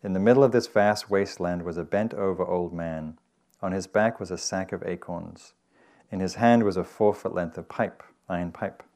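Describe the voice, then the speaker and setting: Man, from England, meditation teacher, gentle conversational talk, slightly low pitch. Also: normal speed. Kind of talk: dharma talk. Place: meditation hall with audience.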